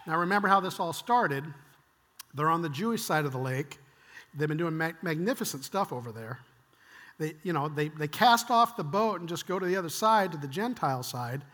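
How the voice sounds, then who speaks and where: Older man preaching, high bright voice, lively and conversational, long hall reverb. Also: brisk. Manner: animated, conversational, acts out quotes with sudden quiet whispers. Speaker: pastor. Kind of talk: sermon.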